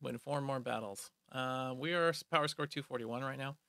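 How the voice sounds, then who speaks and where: Playful gravelly gamer guy. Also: mid-range voice, moderate pace, pushed and bright, no room sound, studio quality. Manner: playful, reads game text aloud with jokey asides. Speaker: gaming video creator. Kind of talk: casual let's play commentary.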